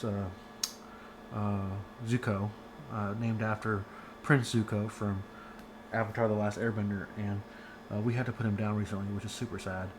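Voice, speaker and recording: A man's voice: on the low side, background noise. A man giving a casual online chemistry lecture from home, chatty and rambling with many fillers and restarts.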